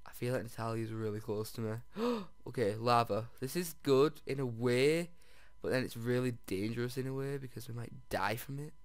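A man giving let's-play commentary as he plays, excitable, often jumping to squeals over finds and talking straight to his viewers. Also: mid-range voice, normal speed, no echo. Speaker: video game player.

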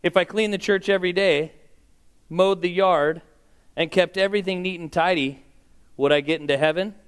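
A man voicing a woman Sunday school teacher who quizzes her class in a joke, in a smooth voice. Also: lowish voice, steady tone, moderate pace, pitched above the performer's own voice, lightly acted. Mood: questioning.

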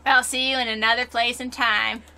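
A woman voicing a creepy, eerily calm young man from a visual-novel game, put on with an exaggerated Southern US accent. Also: on the high side, normal speed, a little hiss or hum. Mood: grim. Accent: put-on bad Southern US drawl. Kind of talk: reading game dialogue aloud.

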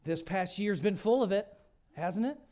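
A middle-aged man preaching a sermon. He tells the story dramatically, swinging from loud to hushed. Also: high voice, lively intonation, normal speed. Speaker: guest pastor.

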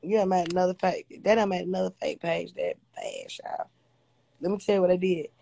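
A woman's voice: lowish voice, fairly even intonation, brisk, gravelly, mellow. Blunt, profane woman livestreaming. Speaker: livestream host. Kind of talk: casual livestream rant. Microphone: phone.

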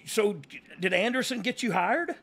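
A man hosting a podcast, joking and chiming in with quick quips. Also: high voice, lively intonation, gravelly, fairly bright tone. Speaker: host. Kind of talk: casual chat.

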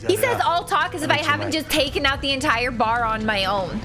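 A high-voiced woman streaming a video game, chatting and joking as she plays. She yelps and shouts at fights, with game music running loud behind her. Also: brisk. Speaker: gaming streamer. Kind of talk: casual gameplay commentary.

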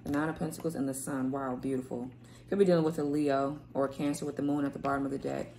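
A woman reads tarot cards to camera from a room at home, where kids can be heard playing outside, rambling loosely, repeating words, and swearing casually. Her rumbling low voice is mellow and steady, she talks fast, and there's a little hiss or hum.

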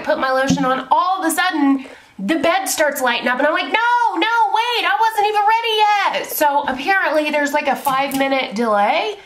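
Girl vlogging at home, chatty and sweary, kinda high voice, camera mic. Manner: chatty, swears a lot, animated retelling. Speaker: beauty vlogger. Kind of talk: casual storytelling to camera.

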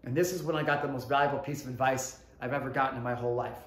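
A man in his thirties giving a motivational talk, telling a personal story with emphatic swings between hushed and loud delivery and casual swearing. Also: mid-range voice, fairly even intonation, racing. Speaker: motivational speaker. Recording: echoey room.

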